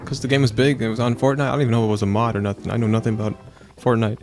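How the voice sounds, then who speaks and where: A man hosting a let's play, chatting casually in a rambling, animated way and acting out quotes in silly voices. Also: mid-range voice, rapid-fire, soft background music. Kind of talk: casual gaming chat.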